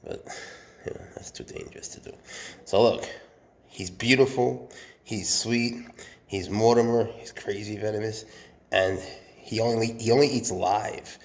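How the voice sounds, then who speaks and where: A man with a low, gravelly voice gives a casual show-and-tell about his snakes. He chats and jokes easily and turns soft and tender when he talks to the animals. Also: steady tone, a little slow. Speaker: snake keeper.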